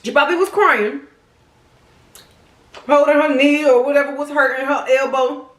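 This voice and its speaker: A woman hosting a mukbang video, telling a crime story in a sassy, animated way, speaking straight to her viewers. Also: high-pitched, normal speed, roomy sound. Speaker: mukbang host. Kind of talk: casual true-crime storytelling while eating.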